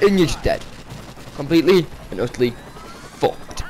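A man's voice: high voice, normal speed, slight background noise. Exasperated young man ranting. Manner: exasperated, swearing, animated with sudden outbursts. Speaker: gaming commentator. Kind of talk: casual gameplay commentary rant.

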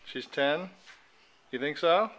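A woman's voice: deep voice, animated, takes it slowly, low-quality recording. A woman in a casual home video, prompting children with playful, coaxing questions. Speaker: adult filming and prompting children.

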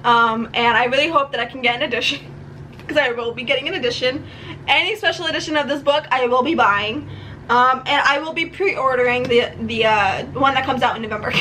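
A woman's voice: fairly high pitch, pushed and bright, slight background noise, poor audio. A young woman from New chatting casually in a book vlog at home, rambling and gushing with frequent laughs. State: tearful. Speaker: book vlogger. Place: home room.

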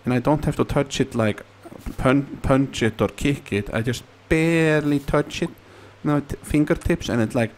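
A man's voice: medium pitch, normal speed, few pauses, slight background noise. A man giving casual, rambling commentary while he plays a game, playful and given to sing-song repeats. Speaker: let's play gamer.

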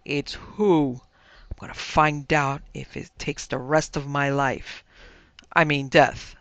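A man rasping as a vengeful skeleton wizard. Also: a little high, fairly even intonation, takes it slowly, a bit bright, dry recording. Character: undead wizard uncle skeleton, querulous and vengeful. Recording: dull lo-fi with faint music.

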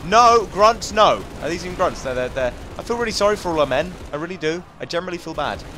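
A man's voice: high voice, lively intonation, quick pace, sharp tone, a little hiss or hum. A young English man giving jokey, chatty commentary over a video game, talking to the enemies on screen. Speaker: gaming commentator. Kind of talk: casual let's-play commentary.

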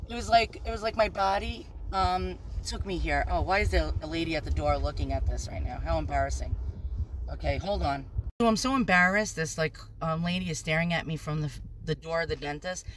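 Anxious lady vlogging in her car on her phone, rambly, swears a ton, gets loud when nervous, bit of traffic hum behind. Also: low-pitched, a little fast. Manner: talks loudly when nervous. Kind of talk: nervous selfie vlog. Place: inside a parked car.

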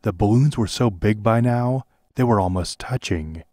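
A man narrating a parody audiobook in a deadpan reading style. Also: on the low side, moderate pace, no echo, clean studio sound.

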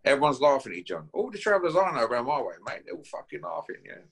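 A man's voice: on the high side, very animated, very fast, creaky, husky. A man from Essex with an Essex accent, a guest boxer on a call, talking in a brash, taunting, swearing way. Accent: Essex English. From Essex, England. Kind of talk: casual call-out chat.

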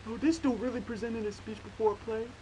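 A young man hosting a reaction video from a small room at home, loud and excitable, full of slang. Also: extremely high pitch, fast talker, a crowd in the background. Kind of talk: casual reaction commentary.

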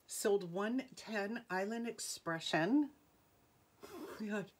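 A woman's voice: mid-range voice, slow pace, slight background noise. A middle-aged woman with a New England accent hosting a live jewelry sale, chatting with viewers and calling out item numbers.

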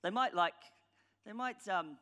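A man's voice: sits high, unhurried, sharp tone. A British man giving a conference keynote in a blunt, ironic, casual manner with swearing. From England. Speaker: conference speaker. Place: large conference hall stage. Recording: long hall reverb.

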